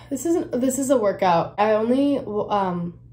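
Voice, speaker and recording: A woman's voice: a little high, lively intonation, a little slow, warm tone. A young woman chatting casually through a hair tutorial as a beauty vlogger, rambling and self-mocking with lots of fillers. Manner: drifts into whispering at times.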